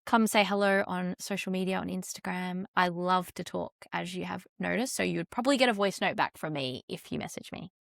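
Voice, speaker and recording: A young Australian woman talks easily as a podcast guest, her speech full of "like" fillers. Her voice sits a little low and carries a gravelly fry. The recording is dry and close. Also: no room sound. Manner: chatty, fast-flowing, with frequent "like" fillers. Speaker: podcast guest, content strategist. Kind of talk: casual interview chat.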